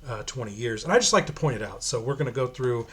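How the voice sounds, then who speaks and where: Sweary opinionated guy reading comics out loud, rambly, forceful voice. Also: medium pitch, expressive, fast. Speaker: comic reviewer. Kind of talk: casual commentary reading a comic aloud.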